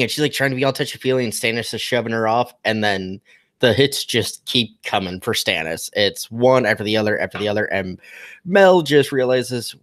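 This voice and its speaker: A man's voice: mid-range voice, animated, fairly quick, a bit bright, no echo. A man joining a casual discussion as a guest, retelling scenes with animation. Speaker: panel guest.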